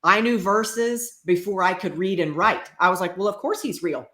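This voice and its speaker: A woman's voice: mid-range voice, moderate pace, fairly bright tone, reverberant. A woman guest on a talk show, earnestly telling the story of her grief and faith in a reflective way.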